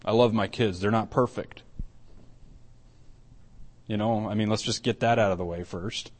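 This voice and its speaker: A man's voice: fairly low pitch, steady tone, normal speed. A middle-aged man, an elder preaching a conversational sermon, often repeating and restarting, then building to emphatic points.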